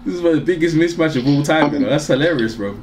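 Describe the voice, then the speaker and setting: A man's voice: a little high, lively intonation, quick pace, a little hiss or hum. A man with a London accent co-hosting a casual boxing chat, using streetwise slang and swearing. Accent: London English. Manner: streetwise slang, swears, says "bruv" and "innit" a lot. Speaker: boxing show co-host.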